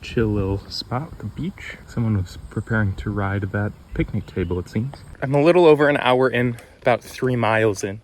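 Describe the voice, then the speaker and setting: A man's voice: fairly low pitch, normal speed, hardly any pauses, a little hiss or hum. A young man chatting upbeat and self-teasing in a casual hiking vlog, recorded on a handheld camera on a wooded trail outdoors. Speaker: vlogger.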